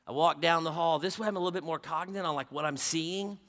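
A man preaching a sermon as a story, swinging from loud exclaiming to hushed, quiet narration. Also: a little high, fast talker.

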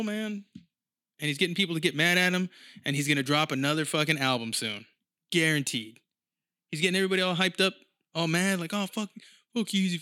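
Profane and rambling, a podcast host in his thirties spins stories through a casual solo monologue. His voice runs on the high side, pushed and bright, and the clean studio recording carries no echo.

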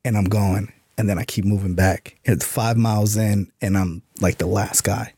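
A man's voice: on the low side, steady tone, normal speed, warm tone, slightly rough, no room sound, clean studio sound. A man being interviewed on a podcast, telling a story in a laid-back way and swearing casually. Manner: laid-back, profane, full of "you know what I'm saying". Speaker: podcast guest, author and Army veteran.

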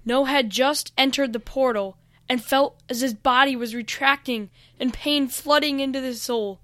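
A woman reads a fantasy story aloud in a bright, smooth voice that sits a little high. The delivery is steady and even. The recording is close and dry. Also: normal speed, no echo. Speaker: reader.

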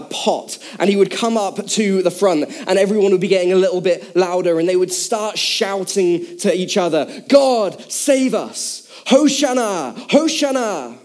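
A man's voice: high voice, a little mellow. A man preaching a sermon in a casual, chatty way with many fillers, speaking to a congregation in a church hall.

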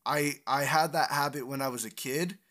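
A young man co-hosting a casual podcast, talking candidly and profanely with animated storytelling. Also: fairly high pitch, moderate pace. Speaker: podcast co-host.

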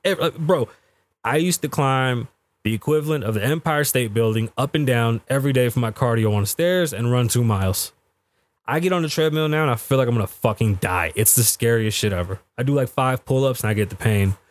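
Male host, 30s, loose profane storyteller who acts out every quote; mid pitch, dry studio sound. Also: fairly quick, dry recording. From United States. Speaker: podcast host. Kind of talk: casual storytelling monologue. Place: podcast studio.

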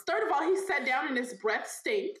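Animated high-voiced woman telling a story. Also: normal speed, a loud crowd. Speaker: podcast co-host. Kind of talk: casual storytelling chat. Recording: echoey room.

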